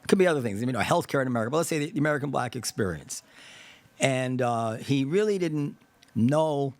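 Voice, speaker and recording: Briskly and at medium pitch, a man hosting a podcast works through a debate casually, animatedly staging imagined dialogues and wandering off on tangents as he thinks aloud with fillers. There's no room sound.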